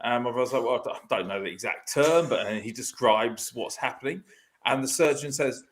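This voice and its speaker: A man's voice: medium pitch, a little fast. A man on a podcast, telling a long, rambling story full of fillers and laughter. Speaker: podcast host. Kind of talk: casual storytelling chat.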